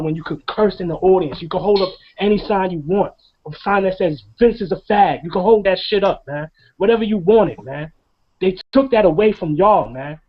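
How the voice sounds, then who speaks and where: A middle-aged man delivering an impassioned, profane rant as co-host of a review show. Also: sits high. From New York. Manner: emphatic, profane, preaching. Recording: dull lo-fi sound.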